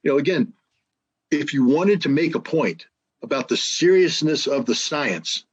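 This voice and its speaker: A man's voice: on the high side, lively intonation, moderate pace, breathy edge, low-quality recording. A man telling stories in casual conversation, emphatic, with frequent restarts. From United States. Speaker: guest, former weapons inspector.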